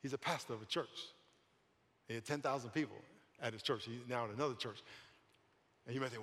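A man, a pastor, preaching a lively sermon, often laughing and repeating phrases for emphasis. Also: medium pitch, moderate pace, long pauses. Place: large church sanctuary. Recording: long hall reverb.

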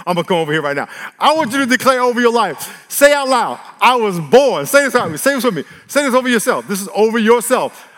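A man preaching a sermon as a pastor, animated and humorous. He jumps from loud exclaiming to hushed talk, laughs often, and has the congregation repeat after him. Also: high-pitched, brisk, long reverb tail.

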